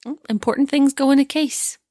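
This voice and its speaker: A woman with a somewhat high voice chats on a podcast, ribbing her co-host and laughing often. The sound is close and dry. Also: fairly even intonation, brisk, warm tone, dry recording. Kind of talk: casual chat.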